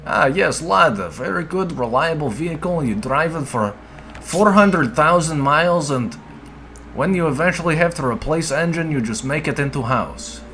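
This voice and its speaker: A man's voice: on the high side, normal speed, a little hiss or hum, pitched above the performer's own voice. A man putting on a boasting mock-Russian guy. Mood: boastful. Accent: put-on Russian accent. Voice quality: broken-English deadpan boasting. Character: joking mock-Russian man boasting about cheap cars. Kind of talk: casual gameplay commentary.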